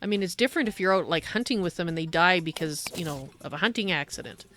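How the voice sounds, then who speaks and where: A woman's voice: fairly low pitch, fast talker, fairly bright tone, faint music behind. A woman livestreaming a game, giving blunt, opinionated and sardonic commentary as she plays. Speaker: livestream gamer. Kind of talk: casual gameplay commentary.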